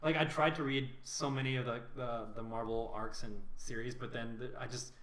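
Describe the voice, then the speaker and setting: Quick-talking young guy, agreeable. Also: mid-range voice, level tone, fairly bright tone. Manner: agreeable, short replies, unsure. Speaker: podcast co-host. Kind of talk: casual chat. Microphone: desk podcast mic. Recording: roomy echoey home room.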